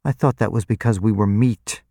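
A cornered crewman lashes back as a man voices him, his deep voice strained and bitter. The reading is slow and dry-sounding, close to the mic. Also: gravelly, warm tone, slightly rough, no room sound. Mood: stunned. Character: cornered, defiant male human crew member.

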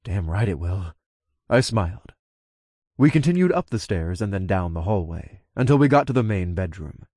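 A man narrating a first-person audiobook in a steady, relaxed storytelling voice on a close mic. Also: on the low side, moderate pace, no room sound.

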